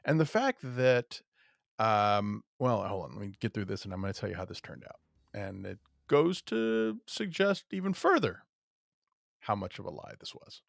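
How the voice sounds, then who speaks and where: A man's voice: a little high, sing-song, normal speed, creaky, no room sound, clean studio sound. A man hosting a podcast in casual chat, joking, rambling with fillers and laughing often. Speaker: podcast host.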